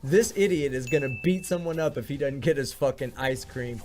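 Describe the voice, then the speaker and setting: A man's voice: mid-range voice, moderate pace, darkish tone, a little hiss or hum. A man hosting a reaction video, delivering sarcastic commentary full of blunt, profane insults. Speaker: video host reacting to clips.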